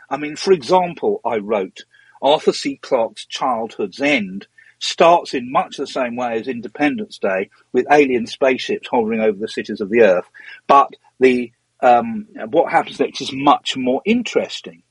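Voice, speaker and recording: A middle-aged man with a husky, slightly breathy voice tells stories as an interview guest. His talk drifts from one tangent to the next, full of ums and false starts. The sound is dry and close, with no room echo. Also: medium pitch, animated, moderate pace. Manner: rambling and digressive, with frequent ums and restarts. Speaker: interview guest, former magazine editor. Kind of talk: casual anecdotal storytelling.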